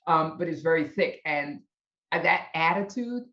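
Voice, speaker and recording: A woman's voice: sits low, moderate pace. A middle-aged woman with a Brooklyn accent chats as a podcast guest, telling stories with plenty of laughs. Her voice sits in a roomy space, and the sound is slightly dull and muffled. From Brooklyn, New York. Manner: animated storyteller, laughs often. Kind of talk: casual interview chat.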